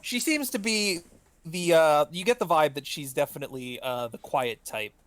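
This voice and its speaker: A man's voice: on the high side, normal speed, fairly bright tone, dry recording. A man running a tabletop game as game master, narrating with many ums and uhs. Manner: hesitant, full of ums and uhs.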